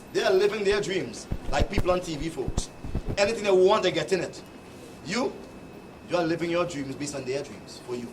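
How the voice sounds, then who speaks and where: A man with a Trinidadian accent giving a rousing, preacherly address to workers, with mocking asides. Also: fairly high pitch. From Trinidad and Tobago. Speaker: union leader addressing workers. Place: indoor workplace gathering. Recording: echoey room, far from the mic, noisy crowd.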